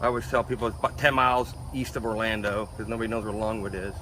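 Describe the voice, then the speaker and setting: Fast, bright-voiced man telling stories. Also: fairly low pitch, slight background noise. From Florida, USA. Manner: animated, acts out other people's lines. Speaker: artist. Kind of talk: interview storytelling.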